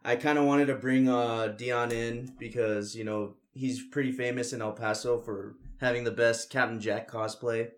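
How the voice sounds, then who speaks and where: A man hosting a casual podcast chat, relaxed and laughing easily as he asks loose questions. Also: mid-range voice, normal speed, hardly any pauses. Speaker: podcast host.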